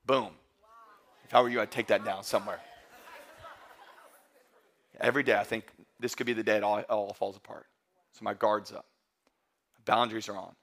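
A man in his thirties preaching a sermon as pastor, emphatic and building to loud peaks, mixing in humorous stories. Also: fairly low pitch, level tone, normal speed, pauses often. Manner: emphatic, rising to near-shouting peaks; storytelling with humor and quoted voices.

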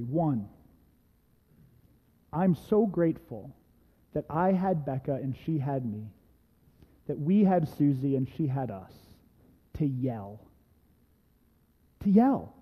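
A male pastor preaching a sermon, telling a personal story in a lively, conversational way with casual asides. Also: on the high side, long reverb tail, narrow, tinny audio. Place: church sanctuary.

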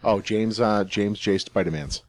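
Low-voiced guy cohosting a podcast, goofy and jokey, super dry mic. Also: unhurried, a little mellow, no echo. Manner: playful, joking, mock-earnest. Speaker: podcast co-host. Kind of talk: casual chat.

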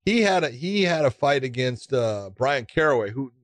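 Man, co-host, emphatic fight talk, mid-pitched, dry close mic. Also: expressive, moderate pace, no room sound. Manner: emphatic, talkative, ribbing. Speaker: podcast co-host. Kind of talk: casual fight analysis chat.

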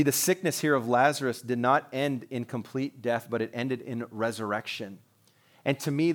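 A middle-aged man preaching a sermon as pastor, animated and joking, with chatty asides to the congregation. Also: medium pitch.

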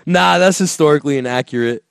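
A man's voice: on the high side, fast talker, gravelly, clear, resonant tone, dry recording, clean studio sound. A man chatting casually on a video call, rambling with lots of restarts and swearing. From Hispanic family, US. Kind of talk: casual chat.

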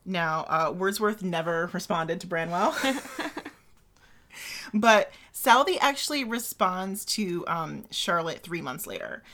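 A woman's voice: fairly low pitch, animated, slow, a bit bright. A woman co-hosts a casual podcast about literary history, talking in a loose, chatty way. She fills her sentences with ums and likes and often breaks into giggles. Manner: chatty, giggly, lots of fillers. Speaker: podcast co-host.

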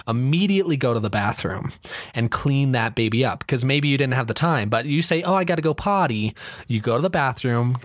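A man's voice: mid-range voice, dry recording, clean studio sound. A man co-hosting a comedy podcast with goofy, playful delivery. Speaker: podcast co-host.

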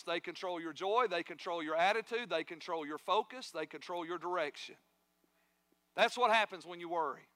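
High, bright-voiced man preaching. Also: no echo. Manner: preaching with rising intensity and soft hushed asides. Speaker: pastor. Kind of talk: sermon.

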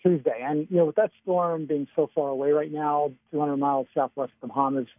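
A man's voice: on the high side, brisk, no room sound. Chatty male forecaster on a tinny phone line. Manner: chatty, relaxed, chuckles often. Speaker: weather forecaster. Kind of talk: casual radio weather chat.

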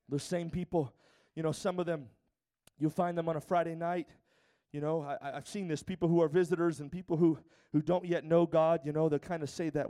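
A male pastor preaching a sermon, rising from quieter asides to shouted exhortations. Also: fairly high pitch, steady tone, fairly quick.

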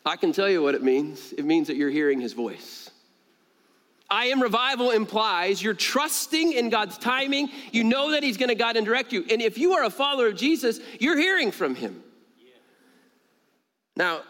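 A man preaching a sermon to his congregation, animated, jumping higher in pitch to stress a point and laughing between stories. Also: a little fast. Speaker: pastor. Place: church sanctuary. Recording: long reverb of a large church hall.

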